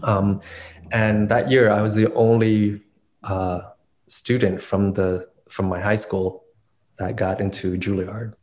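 A man's voice: on the low side, level tone, slow pace, a little mellow. A male dance choreographer being interviewed, recalling his past in a reflective way with many fillers and restarts. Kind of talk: casual interview storytelling.

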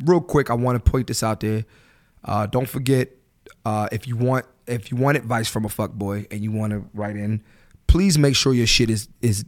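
A man in his thirties hosting a solo podcast, ranting bluntly in casual slangy talk and swearing freely, his voice jumping higher when he gets fired up. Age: 30s. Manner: animated, voice jumps up high when fired up. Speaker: podcast host.

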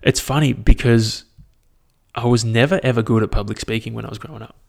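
A young man talks into his podcast mic on his own, rambling casually from one thought to the next. He swears freely and pokes fun at himself in a relaxed, unscripted way. His voice sits at an ordinary middle pitch for a man. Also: brisk, creaky. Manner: rambling, swearing, self-mocking. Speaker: podcast host. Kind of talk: casual solo podcast chat.

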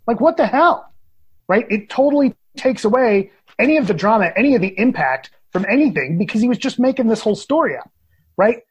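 Man, husky, slightly high voice, opinionated, casual podcast rant. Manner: animated, opinionated ranting. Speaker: guest film critic.

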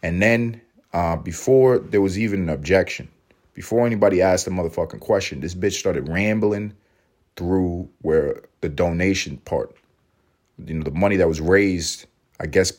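A man's voice: deep voice, unhurried, a little mellow. A man hosting a podcast, delivering a casual comedic monologue as a profane, rambling rant with laughing asides. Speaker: podcast host.

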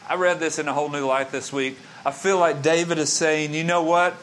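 A man's voice: fairly high pitch, steady tone, a little fast, fairly bright tone, slight background noise. A man preaching a sermon as pastor, with an emphatic, repetitive cadence.

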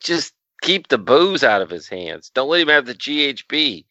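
A man's voice: medium pitch, sing-song, normal speed, pushed and bright, dry recording, highs cut off. A man co-hosting a podcast, joking, rambling and profane. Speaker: podcast co-host. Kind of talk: casual podcast chat.

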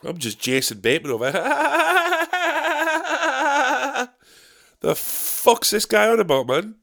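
A man's voice: fairly high pitch, sing-song, a little fast, creaky. A man, a stand-up comedian, telling a story in an exasperated, ranting way and swearing freely. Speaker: stand-up comedian and pub quiz host. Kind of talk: casual storytelling monologue.

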